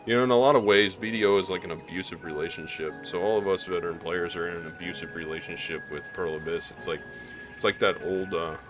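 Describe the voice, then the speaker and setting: A man's voice: low voice, fairly even intonation, quick pace, over music. A man from Missouri with a slight Southern drawl, talking candidly in a rambling gaming vlog, with many restarts. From Missouri, US Midwest. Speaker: gaming YouTuber. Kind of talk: casual gaming vlog commentary.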